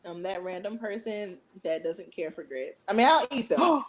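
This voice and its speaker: A woman's voice: medium pitch, animated, moderate pace, poor audio. A woman hosting an online panel, chatting casually in a playful, self-deprecating way. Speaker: host. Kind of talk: casual chat.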